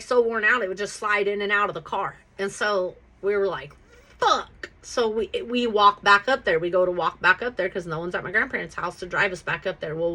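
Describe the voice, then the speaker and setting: A woman with a bright, sharp, ringing voice at a middle pitch, telling her own story casually. She swears freely and speaks with animation, tossing in "right?" as she goes. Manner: profane, animated, keeps checking in with "right?". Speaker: podcast host telling her life story.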